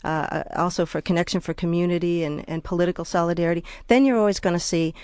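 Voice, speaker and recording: A woman's voice: fairly low pitch, steady tone, fast talker, darkish tone, smooth, no echo. A woman guest on a radio talk show who talks through ideas with thoughtful restarts. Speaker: guest author and scholar. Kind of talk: radio discussion. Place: radio studio.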